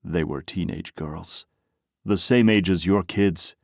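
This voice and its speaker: A man voicing a grieving, angry team owner who speaks low through gritted teeth. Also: slow, creaky, no echo, studio quality, heavily acted. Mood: bitter. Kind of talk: audiobook character voice.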